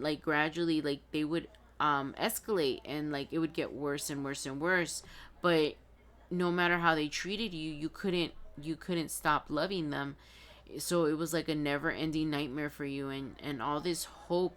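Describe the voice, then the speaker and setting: A woman's voice: sits low, a bit bright. A woman giving an intuitive tarot reading to her viewers in a chatty, emphatic and encouraging way, often restarting her sentences. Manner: earnest and encouraging. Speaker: tarot reader.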